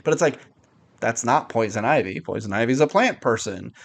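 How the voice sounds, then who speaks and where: A man co-hosting a casual podcast, his voice sitting at an ordinary middle pitch. He rambles through his points with lots of fillers and a sarcastic edge, sliding between loose chatter and exasperated asides. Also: animated, moderate pace, creaky. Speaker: podcast co-host. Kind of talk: casual chat review.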